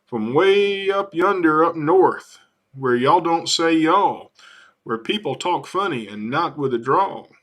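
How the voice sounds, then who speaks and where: A man's voice: a little high, lively intonation, takes it slowly, fairly bright tone, voice pushed up, heavily acted. A man voicing a curious little girl, in an earnest, teasing way.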